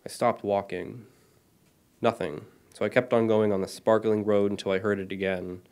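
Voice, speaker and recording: Author in his thirties reading own story, lowish voice, self-deprecating, steady delivery. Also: moderate pace, clear, resonant tone. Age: 30s.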